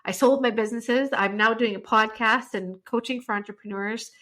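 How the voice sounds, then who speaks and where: A woman hosting a podcast, talking in an eager, chatty way. Her voice sits a touch high and rings bright and forceful. She laughs easily between questions. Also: fairly even intonation, moderate pace. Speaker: podcast host. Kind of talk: casual interview chat.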